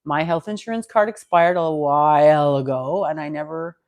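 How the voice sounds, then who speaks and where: A woman's voice: deep voice, normal speed, a little mellow, no room sound. A woman of fifty from Canada, vlogging in a chatty, rambling way with many restarts, close to a clip-on mic at home. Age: 50s. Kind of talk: casual chat.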